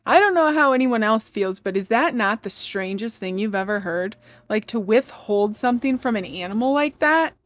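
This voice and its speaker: A woman's voice: fairly high pitch, lively intonation, moderate pace, dry recording. A woman giving sarcastic, mocking voice-over commentary.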